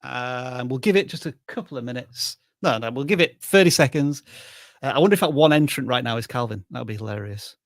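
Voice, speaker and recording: A man's voice: medium pitch, brisk, dry recording, studio quality. A man co-hosting a live stream in casual chat, playful and thinking aloud. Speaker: livestream co-host.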